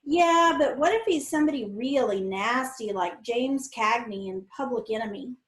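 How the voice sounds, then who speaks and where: An excitable young girl, as a woman reader puts her on, high-pitched and eager, almost breathless. The storybook voice rings in a roomy space. She never holds back a question. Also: moderate pace, close to an everyday voice. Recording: roomy echo.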